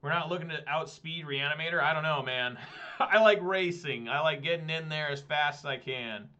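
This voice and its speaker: Bright-voiced man muttering gameplay commentary. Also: on the high side, normal speed, dull audio. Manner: swears often, talks to himself while playing. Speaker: gameplay streamer.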